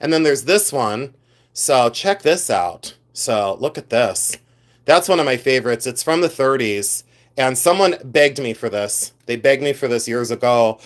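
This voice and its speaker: The speaker is a middle-aged reseller host on a live stream, animated and mid-range in pitch at a moderate pace. He chats about the finds he shows off and reads viewer comments aloud. For humor, he impersonates collectors shouting.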